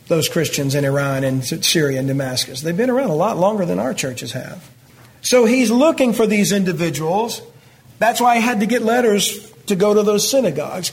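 A middle-aged pastor with a high-pitched voice teaches a Bible passage verse by verse. He speaks in a folksy, conversational way, addressing his congregation directly.

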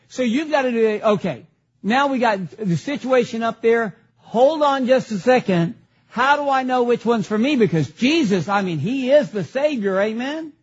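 A man with a very high, husky voice preaching from a church pulpit. He is emphatic and keeps quizzing the congregation on what they just read. The recording sounds a little dull. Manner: emphatic, asks the congregation questions and answers them. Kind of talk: sermon.

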